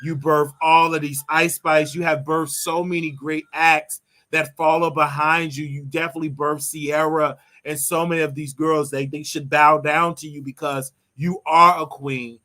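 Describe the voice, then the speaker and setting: A man's voice: fairly high pitch, flat delivery, moderate pace, few pauses, pushed and bright. A man hosting his own commentary show, ranting in a sarcastic, provocative way. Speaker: host.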